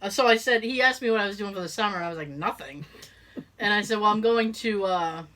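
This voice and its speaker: This middle-aged podcast co-host talks fast at medium pitch, with a little hiss or hum in the recording. In casual chat she narrates a story, impersonates the people in it, and laughs often in an animated way.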